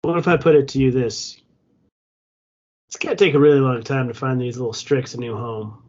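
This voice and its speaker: A man's voice: mid-range voice, steady tone, fairly quick, darkish tone, natural voice. A man voicing a menacing, scheming male adventurer who taunts and sneers in a tabletop game. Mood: sneering. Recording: dull lo-fi recording.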